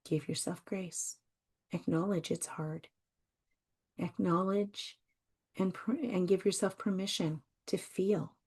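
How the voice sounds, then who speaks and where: Slow, soft-spoken woman host. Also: fairly low pitch, husky. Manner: soft, slow, reassuring, repeats phrases. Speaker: podcast host. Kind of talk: gentle self-help talk.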